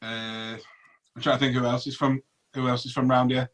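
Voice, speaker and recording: A man co-hosts a relaxed talk, tossing out loose, playful questions. His voice has an ordinary middle pitch. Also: moderate pace. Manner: casual, teasing questions. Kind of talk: casual chat.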